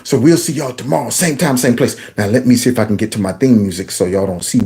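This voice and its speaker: Middle-aged male host, lively and jokey, mid-pitched, casual stream talk. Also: quick pace, vocal fry. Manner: animated, laughing, slips into mocking voices. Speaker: political commentary host. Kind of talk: casual live-stream commentary.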